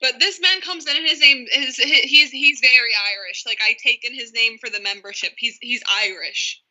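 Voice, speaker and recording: Bright, high-voiced young woman telling stories. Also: moderate pace, poor audio. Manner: animated, self-deprecating storytelling. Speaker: booktube co-host. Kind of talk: casual chat among friends.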